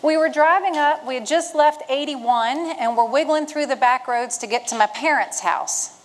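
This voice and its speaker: A middle-aged woman tells stories from the stage in a somewhat high voice. She is folksy and humorous, and she draws her listeners in like a retired Marine speaking to a room of fellow veterans. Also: moderate pace, poor audio. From western Virginia, Shenandoah Valley. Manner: folksy and humorous, rallying the audience. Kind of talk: storytelling speech to an audience.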